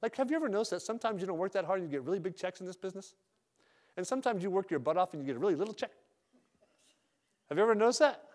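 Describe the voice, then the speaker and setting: A man's voice: sits high, animated, very fast, long pauses, darkish tone. A man speaking as a sales manager at a company retreat, giving a direct, joking, casual motivational talk.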